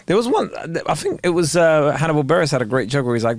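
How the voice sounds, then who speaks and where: A man's voice: a little high, big pitch swings, quick pace, no room sound. A man co-hosting a comedy podcast, chatting casually in swearing, slangy banter. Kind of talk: casual chat.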